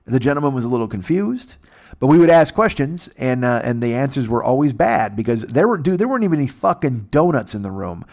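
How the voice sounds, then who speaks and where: A man from the United States, a podcast host, telling a comic story in a profane, animated way. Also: mid-range voice, fast. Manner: profane, animated, acts out every voice.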